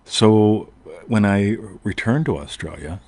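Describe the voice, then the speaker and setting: A man's voice: lowish voice, lively intonation, takes it slowly, a little mellow, no room sound. A man hosting a show, telling a long personal story in a rambling casual way and often asking "right?". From United States. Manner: rambling, self-interrupting, frequent "right?". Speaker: podcast host.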